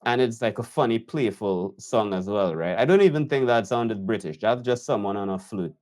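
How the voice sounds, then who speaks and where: A man reacting to a video as an editor, unhurried and admiring as he talks through the choices. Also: fairly low pitch, lively intonation, a little mellow. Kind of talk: reaction commentary.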